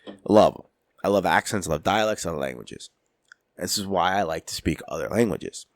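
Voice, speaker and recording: Low-voiced, emphatic American man. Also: a little fast, no echo, clean studio sound. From United States. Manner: emphatic and excitable, swears freely. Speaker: podcast co-host. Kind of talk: casual chat.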